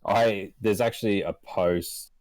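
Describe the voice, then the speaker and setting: A man's voice: on the low side, fairly even intonation, slow pace, a little mellow, no room sound. An Australian man telling a story in casual podcast chat, laid-back and rambling, swearing constantly. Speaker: podcast guest.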